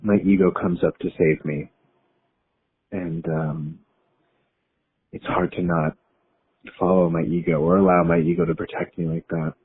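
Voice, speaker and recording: A low, breathy-voiced man in his thirties rambles through an anonymous voicemail, nervous and self-doubting as he confesses. The sound is the tinny quality of a phone voicemail line.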